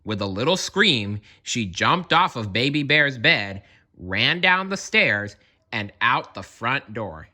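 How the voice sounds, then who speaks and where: A man's voice: medium pitch, sing-song, takes it slowly, sharp tone. A man narrating a children's read-aloud story, playful and talking straight to the listener. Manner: playful, addresses listener directly.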